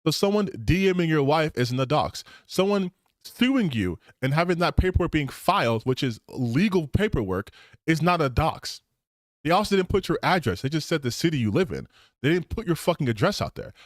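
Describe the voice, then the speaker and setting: A man's voice: on the high side, sing-song, normal speed, no room sound, clean studio sound. A man hosting a gaming channel, giving heated, sarcastic, profane reaction commentary on a video.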